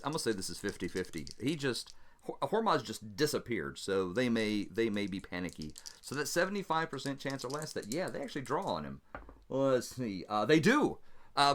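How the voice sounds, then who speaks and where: A man narrates his own solo tabletop game in a relaxed, chatty way. His voice swings widely in pitch as he tells the story, with easy laughter along the way. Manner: chatty, animated, laughs easily. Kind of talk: casual narration of a solo role-playing game.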